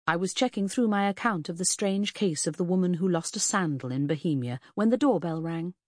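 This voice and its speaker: Woman reading an audiobook, kinda low voice, expressive storytelling, super dry close mic. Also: fairly quick, no echo. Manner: expressive, lively storytelling that shifts into character voices. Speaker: audiobook narrator. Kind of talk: scripted first-person audiobook narration.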